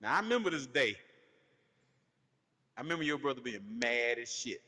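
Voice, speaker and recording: A man co-hosting a podcast, telling animated, profane stories and laughing often in casual chat. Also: mid-range voice, a little fast, pauses often, big-room sound. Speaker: podcast co-host.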